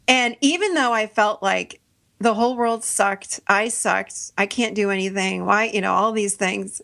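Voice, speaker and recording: A middle-aged woman hosting a podcast tells a story in a casual way, laughing often and acting out her own lines. She speaks a little slowly in a mid-range, fairly bright voice with vocal fry.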